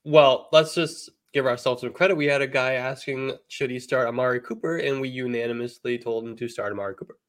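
A man's voice: medium pitch, a little fast, hardly any pauses. Easygoing podcast cohost guy, upbeat, regular mid voice. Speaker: podcast co-host. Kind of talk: casual chat.

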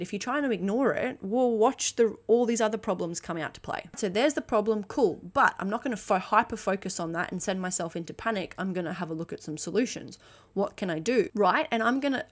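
Blunt, emphatic woman coach talking. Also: medium pitch. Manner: emphatic and blunt, swears freely, keeps checking in with "okay?". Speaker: fitness and mindset coach. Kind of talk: motivational solo podcast monologue.

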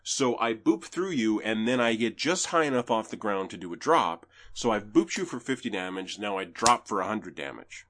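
A man's voice: fairly low pitch, moderate pace, few pauses, background noise. A young Canadian man with a Canadian accent, talking casually about a video game as a podcast co-host. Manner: animated, laughs often. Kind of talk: casual gaming chat.

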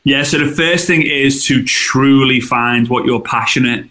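A man, a guest in an interview, chatting casually and telling animated stories with acted-out quotes. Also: medium pitch, measured pace. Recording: roomy echo.

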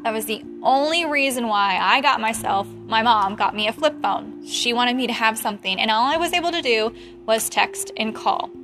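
A woman in her late twenties, a photographer, chatting casually in an animated, heated way and laughing often. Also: fairly high pitch, normal speed, over music. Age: 20s. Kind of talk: casual chat.

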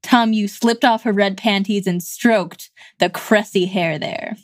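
Slow-reading woman, dry close sound. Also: mid-range voice, steady tone, dry recording. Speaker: co-host reading passages. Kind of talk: casual chat and reading aloud.

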